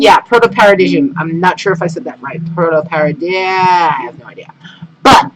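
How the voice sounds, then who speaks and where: A man hosting a casual live stream, rambling, humming and muttering to himself as he sets up. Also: high voice. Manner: rambling, hums and mutters while setting up. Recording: noisy home stream audio.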